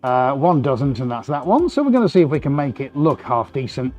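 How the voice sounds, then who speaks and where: A man's voice: mid-range voice, very animated, brisk, a little mellow, lo-fi sound, faint music behind. A man hosting his weekly art live stream from his studio, with chatty, upbeat showman patter. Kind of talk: casual live-stream chat.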